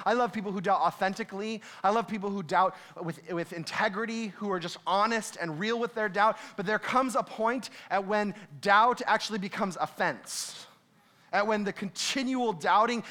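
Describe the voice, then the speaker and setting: Young man, preaching a sermon, high bright voice, animated, acts out voices. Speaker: pastor.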